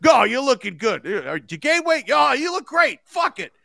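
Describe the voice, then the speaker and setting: A brash, bellowing Midwestern dad who shouts his hellos and flips from compliment to curse, as a man puts him on. The voice jumps high and lively above his normal talk, and the sound is close and dry. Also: gravelly, no echo, exaggerated voice. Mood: gruff, boisterous. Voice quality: loud, shouting. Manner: brash, rapid swings of mood. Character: gruff drinking Midwestern dad, loud and mean.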